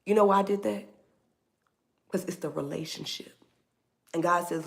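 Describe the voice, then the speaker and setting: A woman's voice: lowish voice, normal speed, creaky, long pauses. A woman hosting a faith talk livestream, preaching casually and animatedly, calling her listeners "baby".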